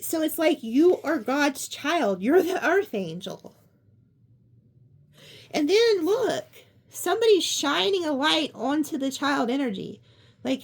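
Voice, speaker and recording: A woman giving a casual tarot card reading, chatty and excitable, often gasping. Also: sits high, takes it slowly, creaky. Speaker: tarot reader.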